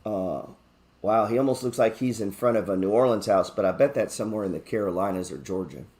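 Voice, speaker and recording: A man's voice: fairly low pitch, fast talker, a little mellow. A man hosting a live stock market show, chatting casually, joking and swearing freely as he talks through his trades. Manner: reads viewer chat aloud.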